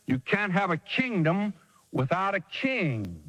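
A man's voice: on the high side, big pitch swings, unhurried, a bit bright, in a large hall, low-quality recording. A man preacher delivering a sermon in an emphatic, dramatic way with sudden swings in delivery.

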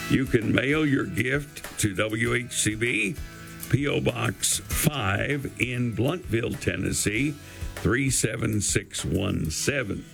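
A man making an earnest on-air donation appeal for a radio station, slowly spelling out and repeating the details. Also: fairly low pitch, creaky, fairly bright tone.

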